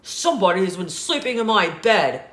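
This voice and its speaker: Woman as a loud, growly father bear, indignant, storybook reading, roomy sound. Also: mid-range voice, big pitch swings, normal speed. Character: big gruff father bear.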